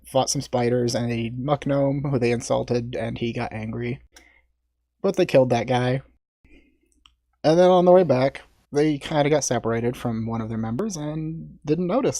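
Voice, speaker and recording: A man's voice: mid-range voice, mellow, dry recording, studio quality. A man as dungeon master, giving a loose, chatty recap of the last session to a streamed tabletop group. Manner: chatty, loose, with fillers and asides. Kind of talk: casual recap on a game stream.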